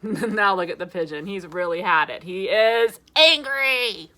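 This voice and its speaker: Reading a picture book aloud to young children, a woman teacher uses a medium-pitched voice with lively intonation and a measured pace. She teaches letters gently, encouraging the kids and asking them questions.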